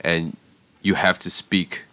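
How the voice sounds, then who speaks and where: A man co-hosting a podcast, a songwriter and producer, telling stories in relaxed casual chat with many fillers and restarts. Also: low-pitched, takes it slowly, no room sound.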